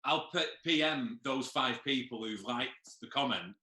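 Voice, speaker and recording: A male comedian guest on a video call from home, animated and acting out the people he quotes. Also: mid-range voice, measured pace. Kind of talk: casual chat. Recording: echoey room, far from mic.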